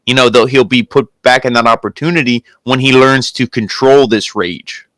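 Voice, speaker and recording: A man's voice: medium pitch, normal speed, no room sound. A man co-hosting a casual wrestling review podcast, retelling segments and acting out what was said. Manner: animated retelling, acts out quotes. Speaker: wrestling show co-host.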